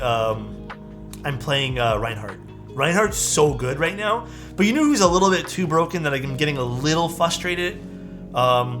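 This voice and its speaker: A young man talks casually to his live-stream viewers, swearing freely and calling everyone dude. His voice sits a bit high and swings widely up and down as he grumbles and laughs. Soft music plays faintly underneath.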